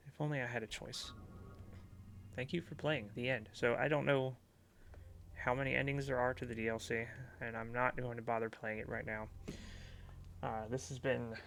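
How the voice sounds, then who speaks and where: A man's voice: medium pitch, little pitch movement, normal speed, creaky, a bit bright, slight background noise. A male game streamer wrapping up his video in a hesitant, casual way, with plenty of fillers. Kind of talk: casual outro.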